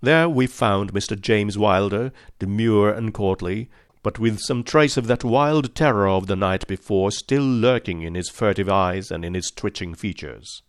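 Low-voiced man reading an audiobook. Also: no room sound, clean studio sound. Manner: measured, formal. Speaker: narrator. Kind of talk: scripted audiobook narration.

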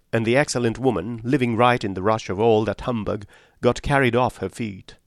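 A man narrating a story for an audiobook in a measured, steady way. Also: mid-range voice, vocal fry, no room sound, studio quality.

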